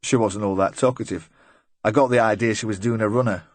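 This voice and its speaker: A nervous, rambling middle-aged van driver, voiced by a male audiobook reader, eager to please and quick to crack a weak joke. The voice sits low and close, recorded dry with no room around it. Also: fairly even intonation, dry recording, natural voice. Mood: chatty, uneasy.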